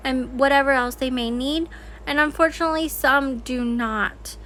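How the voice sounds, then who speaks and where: A woman's voice: sits high, fairly bright tone. A woman who homeschools her child, talking in a candid, chatty vlog style with lots of fillers. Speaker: homeschooling parent and consultant. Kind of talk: casual personal vlog talk.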